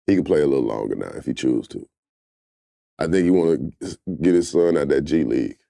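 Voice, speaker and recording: Dude riffing on a comedy show, laid-back mellow voice, dry close sound, cussing a lot. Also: male voice, very deep voice, a little fast, creaky, no echo. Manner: loose, profane, animated riffing.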